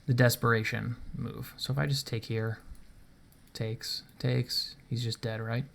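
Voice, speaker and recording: A man's voice: mid-range voice, level tone, measured pace, creaky, a bit bright. Man thinking aloud over a chess game. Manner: thinks aloud, chuckles, self-mocking. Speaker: chess player commenting his own game. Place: home apartment. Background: faint rain noise.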